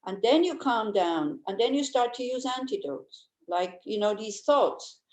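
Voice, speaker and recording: An older woman speaks a little slowly in a fairly high, expressive, slightly mellow voice while giving an informal Buddhist teaching. Chatty and anecdotal, she jokes and laughs easily with many restarts, and the room lends a noticeable echo.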